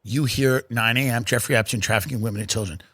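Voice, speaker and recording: He talks fast, with a slightly bright voice and large swings in pitch. The middle-aged host of a comedy podcast, he swears freely while riffing sarcastically and acting out mock exchanges.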